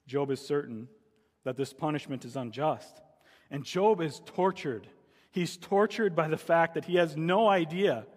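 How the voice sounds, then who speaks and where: A man's voice: a little high, measured pace, a little mellow, in a large hall. A male pastor preaching a sermon and telling a story, his voice climbing into dramatic cries when he voices the pleas of the people in it.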